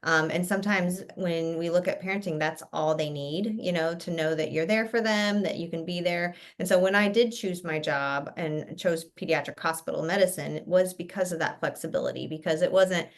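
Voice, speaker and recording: A woman's voice: fairly low pitch, moderate pace, hardly any pauses. A woman pediatrician on a podcast, talking in an earnest, explaining way. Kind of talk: casual podcast conversation.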